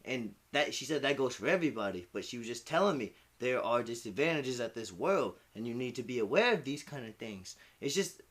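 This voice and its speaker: A man's voice: mid-range voice, lively intonation, brisk, hardly any pauses, fairly bright tone. A young man in casual chat as a streamer, rambling, heartfelt and profane. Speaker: hip-hop commentary streamer.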